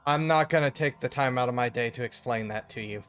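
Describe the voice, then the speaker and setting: A man's voice: mid-range voice, brisk, a bit bright, smooth, faint music behind. Joking man narrating his character. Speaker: player. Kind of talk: casual tabletop role-play.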